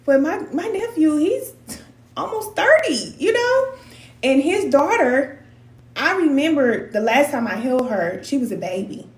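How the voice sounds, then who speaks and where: A woman's voice: sits high, very animated, unhurried. A middle-aged woman giving spiritual advice to her viewers in a candid, emotional, slangy way. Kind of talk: casual heartfelt talk to viewers. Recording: roomy echoey sound.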